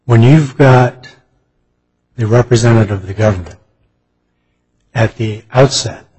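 A male judge presses counsel with probing, deliberate questions from the bench. His voice is very raspy, and a long reverb trails every phrase, as it does in a large courtroom. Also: on the low side, dark tone. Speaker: appellate judge.

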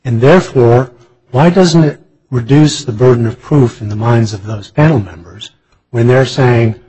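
Raspy judge in a reverberant courtroom. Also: male voice, mid-range voice, dark tone. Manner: probing, deliberate questioning. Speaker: appellate judge. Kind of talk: questioning counsel from the bench. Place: large courtroom.

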